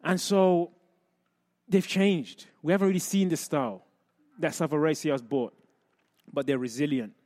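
A man in his thirties hosting a sports talk show, talking upbeat and energetic to his audience. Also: on the high side, measured pace, pauses often, no room sound, clean studio sound. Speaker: show host and former player.

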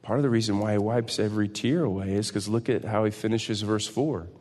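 A man, preaching a sermon as pastor, swinging between loud exclamations and hushed, earnest passages. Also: fairly low pitch, fairly quick, in a large hall. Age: 40s. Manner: animated, swinging between shouts and hushed intensity.

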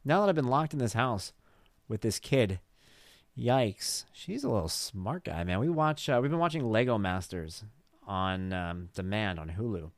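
Lively, animated dad telling stories. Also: male voice, normal speed, no room sound, studio quality. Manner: animated, acts out his daughter in high squeals. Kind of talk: casual storytelling monologue.

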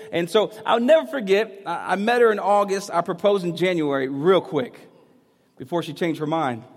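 A man in his thirties preaching a sermon as pastor, telling a personal story with candor, moving between loud emphatic lines and hushed ones. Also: high-pitched. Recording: long reverb of a big hall.

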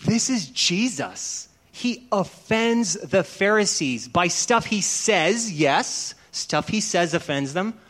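A man's voice: high-pitched, animated, slow, hardly any pauses, fairly bright tone. A man who is a pastor, giving a conversational sermon and telling stories that act out dialogue. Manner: chatty storytelling, acts out dialogue.

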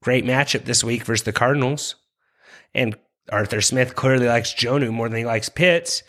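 A man's voice: mid-range voice, moderate pace, fairly bright tone. A young man hosting a fantasy football podcast, talking with passion, rambling and apologizing for going on too long. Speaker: podcast host. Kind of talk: fantasy football rankings talk.

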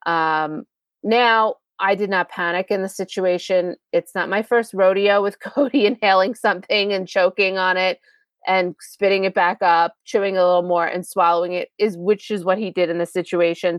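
A woman's voice: mid-range voice, moderate pace, no echo. A woman hosting a podcast, telling a personal story in a chatty, conversational way with asides to the listener. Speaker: podcast host.

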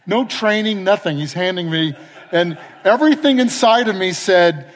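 A man preaching a sermon, telling a lively firefighting story that drifts into scripture, acting out his own lines as he goes. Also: high voice, moderate pace. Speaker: pastor and fire chaplain. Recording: long reverb of a large hall.

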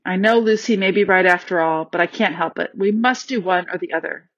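A torn but dutiful young king, the eldest boy, who speaks firmly and reasons things out, as a woman reads him in a storybook. His voice is slightly breathy, and the recording is dry and a bit dull. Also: lowish voice, fairly quick, no room sound, natural voice. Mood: strained. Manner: firm, reasoning.

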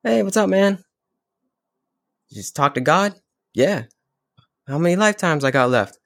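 A man's voice: a little high, animated, normal speed, gravelly, pitched above the performer's own voice. A man voicing a carefree, exuberant dancing man in a spoken parable, breezy and upbeat. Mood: cheerful.

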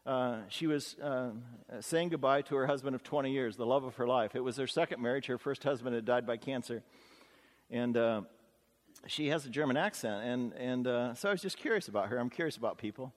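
Earnest middle-aged pastor, long church reverb. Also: male voice, medium pitch, fairly quick. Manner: folksy, earnest, chatty, with frequent 'uh' and 'you know'. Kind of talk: conversational storytelling sermon. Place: church sanctuary.

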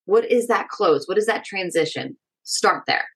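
Energetic woman, stress educator. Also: mid-range voice, normal speed, husky. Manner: energetic and direct, keeps asking "right?". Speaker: stress management educator, podcast guest. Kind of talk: casual interview chat.

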